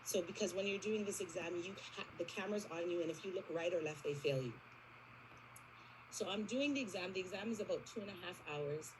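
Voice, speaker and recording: Woman giving a church testimony, lowish voice. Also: fairly quick, background noise. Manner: storytelling, acting out conversations. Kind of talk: personal testimony to a congregation. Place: church service.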